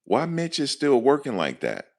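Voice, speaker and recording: A man's voice: medium pitch, huge pitch swings, moderate pace, vocal fry, darkish tone. A man hosting a live stream, chatting casually and jokingly. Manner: loose, joking, talks back to chat. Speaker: livestream host. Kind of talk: casual commentary to live chat.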